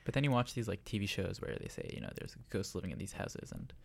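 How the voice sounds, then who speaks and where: A man in a casual studio chat, musing in a measured way. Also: on the low side, lively intonation, gravelly. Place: radio studio.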